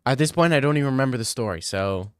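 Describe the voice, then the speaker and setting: A man's voice: mid-range voice, expressive, fast talker, clean tone, no echo, clean studio sound. A young man chatting casually on a stream, rambling and swearing freely. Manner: loose, rambling and profane.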